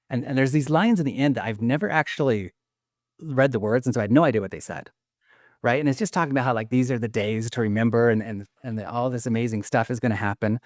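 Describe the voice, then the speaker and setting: A man's voice: mid-range voice, a little mellow, dry recording, studio quality. A man giving an emotional testimony in casual conversation, rambling with many restarts and choking up at times. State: choked up with emotion.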